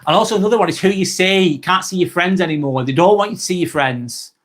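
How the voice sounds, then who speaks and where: A man's voice: sits high, fast, fairly bright tone. Blunt Northern English man, live vlog. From England. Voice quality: blunt, swears freely. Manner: chatty, repeats points, thanks viewers. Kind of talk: casual live-stream talk.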